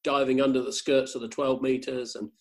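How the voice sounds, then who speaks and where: A man's voice: medium pitch, little pitch movement, fairly quick. A man making wry, joking remarks in casual podcast chat.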